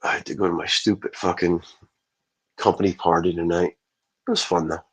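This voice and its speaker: A man's voice: low voice, little pitch movement, a little fast, husky, poor audio. A man ranting casually on a livestream, rambling and swearing as he answers his chat. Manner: profane, rambling, talks back to chat.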